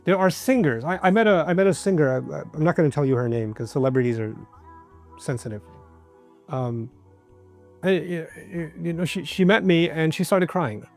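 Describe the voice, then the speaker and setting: A man delivers a religious talk in a relaxed, conversational manner, and his voice sits fairly high for a man. He keeps asking the listeners questions and briefly acts out the people he describes. Soft music plays faintly beneath him. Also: moderate pace. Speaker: preacher. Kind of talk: religious lecture.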